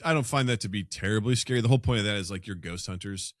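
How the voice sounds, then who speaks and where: A man co-hosting a podcast, chatting casually and telling animated stories with loud, high impressions of startled people. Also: racing, dry recording, studio quality. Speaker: podcast co-host. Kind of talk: casual chat.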